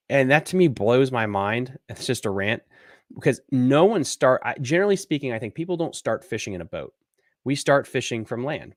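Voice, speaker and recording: A man's voice: mid-range voice, no echo, studio quality. A man hosting a live fishing podcast, ranting bluntly and swearing casually as he answers listener questions. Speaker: podcast host. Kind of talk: casual live-stream rant and Q&A.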